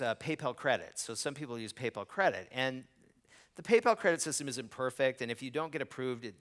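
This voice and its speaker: A middle-aged man speaking to a live audience, telling a business story with animated bursts and acted-out quotes. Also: mid-range voice.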